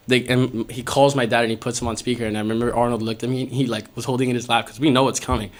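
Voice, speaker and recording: A young man on a podcast spins a story for his friends, loose and loud with swearing. His voice sits at an everyday middle pitch. He reenacts the moments as he tells them. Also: racing, few pauses. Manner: animated, profane, laughing storyteller. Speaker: podcast host. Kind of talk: casual storytelling among friends. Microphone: podcast studio mic.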